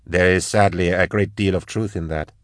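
A man doing a dry, steady woman pilot. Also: deep voice, normal speed, no echo, close to an everyday voice. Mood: wry.

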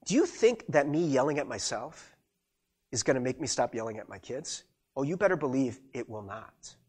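Husky, lively-voiced male pastor preaching. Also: mid-range voice. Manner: conversational, animated, acts out quoted voices. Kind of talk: sermon.

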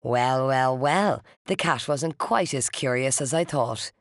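A reader doing a resentful older woman in an audiobook, low and quiet with a simmering menace that breaks into hisses and furious shouting. Her pitch sits mid-range, and the recording is dry and close with no room sound. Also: takes it slowly, no echo. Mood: cold menace. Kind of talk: audiobook character voice.

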